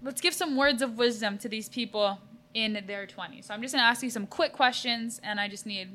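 A woman of twenty-four hosting a casual podcast interview, upbeat and laughing often as she fires off quick questions. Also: fairly high pitch, sharp tone. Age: 20s. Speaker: podcast host.

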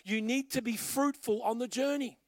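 Australian male pastor, middle-aged, high-pitched, dry close sound, chatty storytelling sermon. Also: moderate pace, darkish tone, no room sound. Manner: storytelling, conversational, punchy short phrases.

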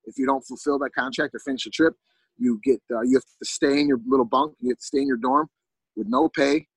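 Man, gravelly voice, casual storytelling, rambling, fillers and restarts, dry room. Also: a little high, wildly swooping pitch, fast, no room sound, poor audio. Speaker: podcast guest.

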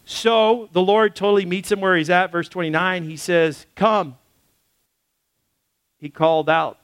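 High-voiced pastor, casual preaching. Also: male voice, normal speed, clear, resonant tone, no echo. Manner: casual, animated preaching with acted-out quotes. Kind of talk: sermon.

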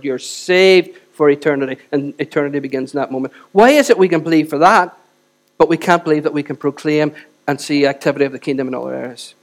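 A man preaching a sermon to a church congregation, swinging between loud exhortation and quiet, close moments, and often asking the audience rhetorical questions. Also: high-pitched. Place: church service.

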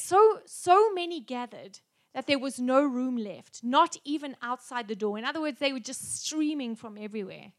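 A woman's voice: high-pitched, bright, forceful tone. A woman preaching a sermon, reading scripture aloud with emphasis and breaking into chatty asides to the congregation.

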